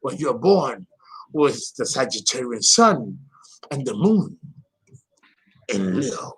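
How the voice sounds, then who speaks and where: A man talking as an astrologer in a casual vlog monologue. He is theatrical and emotional, and he swings between loud bursts and low murmurs. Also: very animated, takes it slowly.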